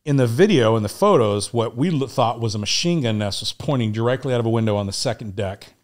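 Middle-aged man, veteran guest, casual profane storyteller with an average pitch, laughs through his war anecdotes. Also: animated, fast. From United States. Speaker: guest, Navy SEAL veteran.

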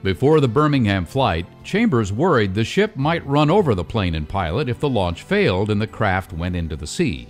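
A man reading scripted documentary narration in a measured storytelling delivery. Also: on the low side, very animated, soft background music.

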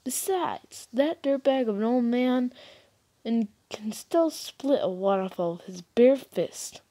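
A woman voicing a cocky teenage schoolboy who loves fistfights, talking gruff and taunting while reading a game aloud. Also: a little high, expressive, slow pace, dark tone, pitched above the performer's own voice, full character voice. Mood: scoffing. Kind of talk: reading a game's dialogue aloud.

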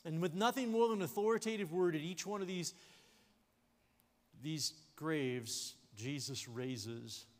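Man pastor, lively sermon delivery, light jokes, sanctuary echo. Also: a little high, a little slow. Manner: animated preaching with sudden drops to a hush; jokey asides. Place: church sanctuary. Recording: long hall reverb in a church sanctuary.

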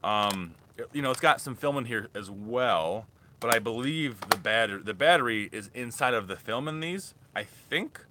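A man's voice: medium pitch, expressive, moderate pace, background noise. A young man rambling casually through a live thrift haul as a reselling vlogger. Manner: rambling, chatty, restarts often.

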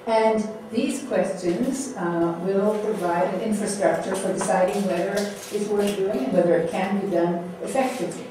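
A middle-aged woman giving a keynote academic lecture, measured and posing rhetorical questions to the audience. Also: medium pitch, steady tone, background noise. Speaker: keynote speaker. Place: lecture hall. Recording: echoey hall, distant mic.

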